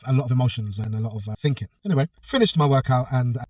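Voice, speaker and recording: A man's voice: medium pitch, racing, a little mellow, far from the mic, slight background noise. A man, a personal trainer telling a story in a casual vlog, blunt and swearing freely. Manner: blunt, swears a lot, acts out both sides of a quarrel.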